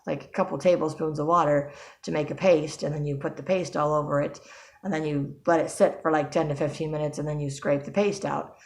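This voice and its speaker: Woman, low voice, chatty, rambling with ums and restarts, casual vlog. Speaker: vlogger.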